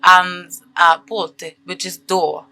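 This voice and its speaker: Bright-voiced, chatty woman tarot reader. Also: fairly low pitch, steady tone, moderate pace, rough recording. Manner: chatty and earnest, often checks in with "okay?"; reads card meanings aloud, then comments freely. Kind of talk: casual spoken tarot reading to viewers.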